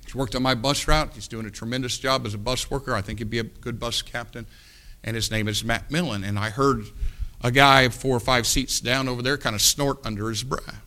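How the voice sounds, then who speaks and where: A man preaching a sermon, telling a folksy story in a hushed voice and then rising into loud exhortation. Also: mid-range voice, fairly even intonation, fairly quick.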